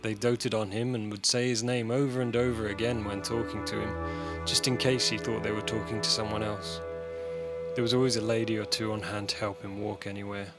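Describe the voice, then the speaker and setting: A man's voice: fairly low pitch, level tone, fairly quick. A man reading a personal short story aloud in a dry, matter-of-fact way. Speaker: story reader. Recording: music bed under voice.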